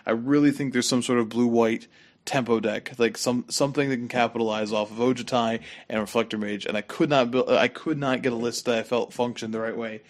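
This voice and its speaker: A man's voice: medium pitch, steady tone, brisk. A man co-hosting a casual game podcast, rambling with many fillers and slightly losing his voice. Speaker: podcast co-host. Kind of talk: casual gaming chat.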